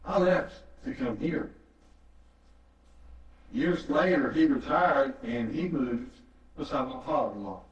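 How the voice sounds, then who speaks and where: A man's voice: mid-range voice, slow, pauses often. A man preaching a sermon, telling a story in earnest and repeating phrases for emphasis. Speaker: pastor. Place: church sanctuary. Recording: echoey, distant, dull church recording.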